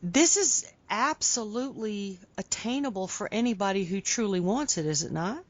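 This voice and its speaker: A woman's voice: medium pitch, expressive, moderate pace. A woman hosting an interview, asking questions in a friendly way and laughing often. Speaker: interview host. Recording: dull lo-fi audio.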